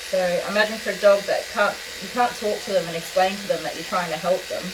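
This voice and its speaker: A young woman talks gently and patiently, coaxing a nervous dog and calmly explaining what she is doing. She sits a little back from the mic. Loud buzzing electric clippers run under her voice. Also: medium pitch, quick pace, hardly any pauses, recorded from a distance, very noisy. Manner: soft soothing coaxing, calm step-by-step explaining. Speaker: dog groomer. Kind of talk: narrated grooming video. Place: grooming salon.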